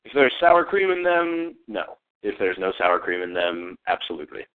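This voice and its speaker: A man's voice: sits low, very animated, normal speed, clean tone. Playful man on a tinny call line. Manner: joking, easily distracted, playful. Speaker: interviewee, Let's Play creator. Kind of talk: casual online interview. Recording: tinny phone-like call audio.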